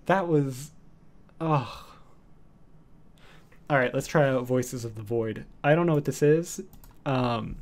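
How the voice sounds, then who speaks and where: A man streaming from home in casual chat, rambling with lots of fillers and cooing softly at his cat. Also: medium pitch, slow, pauses often.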